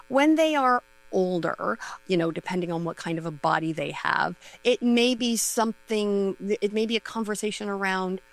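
A woman's voice: mid-range voice, animated, moderate pace, gravelly, few pauses, low-quality recording. A middle-aged woman, a sexuality educator, chatting casually and giving advice with lots of fillers and light laughs.

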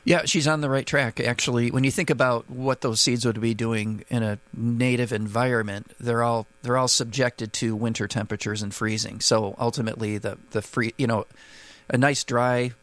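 On a radio call-in show, a man serves as the visiting gardening expert, responding to questions hesitantly, restarting frequently, yet explaining warmly. The mid-range voice is fairly bright and evenly intoned at normal speed, with no room sound at all.

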